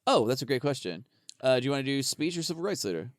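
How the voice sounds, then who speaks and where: A man's voice: medium pitch, sing-song, quick pace, dry recording, studio quality. A man co-hosting a podcast, rambling casually with lots of swearing and laughter. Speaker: podcast co-host.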